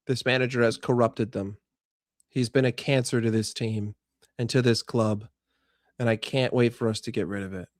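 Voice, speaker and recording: A man's voice: medium pitch, steady tone, normal speed, dry recording, clean studio sound. A young man streaming live, frustrated and swearing as he rants and answers chat about his football team. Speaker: fan channel streamer.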